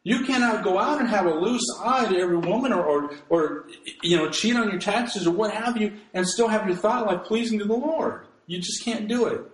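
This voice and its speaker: A man's voice: high voice, a little fast, reverberant, low-quality recording. A man preaching a sermon as pastor, earnest and emphatic, often restarting his sentences.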